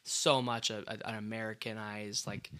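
Bright voiced podcast dude, rambles, says like a lot, laughs easy. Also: male voice, lowish voice, flat delivery, moderate pace. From United States. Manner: rambling, many "like" fillers, laughs often. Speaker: podcast co-host. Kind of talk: casual chat.

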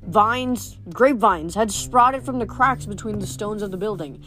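A woman's voice: mid-range voice, unhurried, fairly bright tone. A woman reading a novel aloud in a plain read-aloud manner, stumbling now and then. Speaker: reader.

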